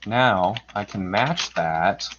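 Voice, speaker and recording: A man's voice: on the low side, takes it slowly, a bit bright, slight background noise. A man hosting a live storybook reading, chatting casually and rambling as he narrates his own computer tasks, with self-deprecating chuckles. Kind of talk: casual livestream chat. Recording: dull lo-fi stream audio.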